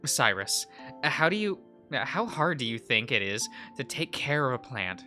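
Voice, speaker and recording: A blunt, fiery young woman florist who scolds and pushes her friend, as a man reads her out in a visual novel. Her voice swings a lot in pitch and sounds bright and forceful, with soft music behind. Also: very animated, measured pace. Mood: coaxing. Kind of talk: visual novel read-aloud.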